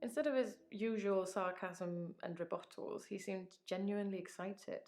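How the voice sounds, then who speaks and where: A woman's voice: medium pitch, lightly acted. A woman playing a guarded, grieving patient. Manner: calm, measured, evasive answers. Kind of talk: game voice acting.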